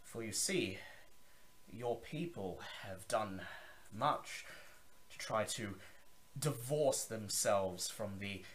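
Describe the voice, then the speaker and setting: A man's voice: fairly low pitch, lively intonation, takes it slowly, long pauses, a bit bright. A man voicing a grandiose, zealous male vampire elder who declaims to a gathering. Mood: intense, confiding. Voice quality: theatrical, declaiming.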